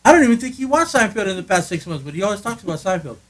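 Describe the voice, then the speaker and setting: A man's voice: sits high, sing-song, very fast, rough recording. A man co-hosting a casual podcast from a friend's living room, rambling and joking with lots of restarts. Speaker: podcast co-host. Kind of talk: casual chat.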